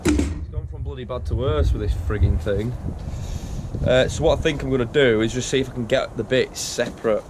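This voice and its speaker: A man's voice: medium pitch, a little fast, background noise. A man working as a truck mechanic, talking casually to camera with exasperated, sweary muttering as he works outdoors. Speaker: self-employed truck mechanic.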